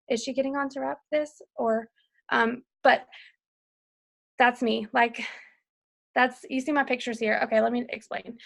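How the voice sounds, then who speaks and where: A woman's voice: a little high, vocal fry, a bit bright. A woman in her thirties, a team coach, sharing her story in a bubbly, gushing way on a group call, laughing often. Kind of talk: casual testimonial on a group call.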